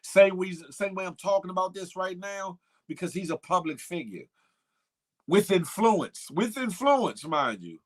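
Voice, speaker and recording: Male morning-show host, animated and emphatic, voice sits a bit high. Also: a little slow. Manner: animated, emphatic, shouts out viewers by name. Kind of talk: casual livestream commentary.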